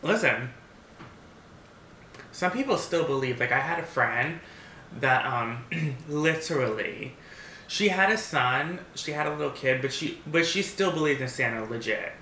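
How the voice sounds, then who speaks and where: A man of about thirty rambles through his stories with many fillers and restarts. His voice has a bright, forward edge, and the recording is roomy and echoey with faint noise underneath. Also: mid-range voice, expressive, unhurried. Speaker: mukbang vlogger. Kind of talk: casual chat. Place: home, seated eating at a table. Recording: roomy echo.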